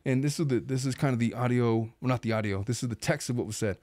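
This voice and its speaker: A man who is a lawyer, hosting a casual podcast and telling stories in an animated, wry way. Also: mid-range voice, fast talker, hardly any pauses, no room sound.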